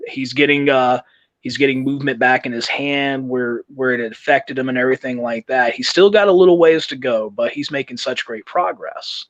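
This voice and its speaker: A man's voice: medium pitch, steady tone, moderate pace, no room sound. A man speaking as a guest in a casual interview, earnest and hesitant, on a dull lo-fi recording. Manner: earnest, many fillers and restarts. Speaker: event organizer guest.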